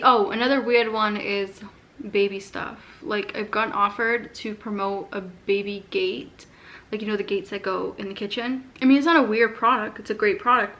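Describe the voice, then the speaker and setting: A young woman with a softened Boston accent, chatting casually through viewer questions in a vlog and often saying "like". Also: mid-range voice. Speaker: lifestyle vlogger. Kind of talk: casual Q&A chat.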